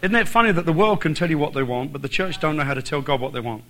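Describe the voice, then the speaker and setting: A man's voice: a little high, animated, quick pace, fairly bright tone, poor audio. Irish man preaching with repeated emphasis. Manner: emphatic, repeats phrases for stress. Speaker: visiting preacher. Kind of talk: sermon.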